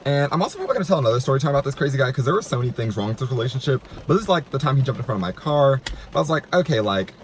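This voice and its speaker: A man's voice: medium pitch, animated, rapid-fire, few pauses. A man in his twenties telling a dramatic personal story in a chatty vlog style, full of "like" and acted-out quotes. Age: 20s. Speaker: YouTuber. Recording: noisy room.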